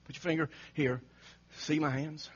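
A man preaching an animated sermon, telling the story dramatically and acting out the quotes with frequent laughter. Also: on the high side, normal speed, breathy edge. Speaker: pastor. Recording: muffled lo-fi recording.

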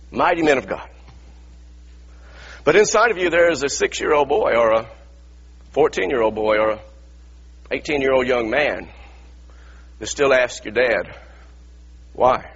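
Male preacher, husky and bright, impassioned sermon delivery, dull lo-fi sound. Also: medium pitch. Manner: impassioned, acts out biblical voices.

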